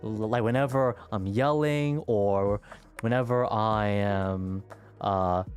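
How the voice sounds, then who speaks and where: A man's voice: lowish voice, slow, faint music behind. A man streaming and chatting casually with his viewers, stuttering and repeating words as he talks.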